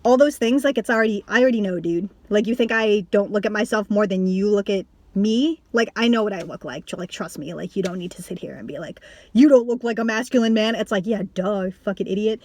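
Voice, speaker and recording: A woman's voice: mid-range voice, a little fast, hardly any pauses, dry recording. A young woman vlogging casually to camera, rambling with lots of "like", restarts and swearing, breaking into laughter at times. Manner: animated with bursts of laughter.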